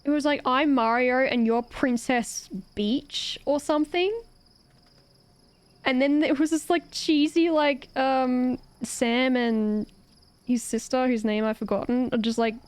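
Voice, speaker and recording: A woman's voice: high-pitched, fairly even intonation, measured pace, smooth. A woman streamer chatting casually while gaming, ranting animatedly with swearing and laughter.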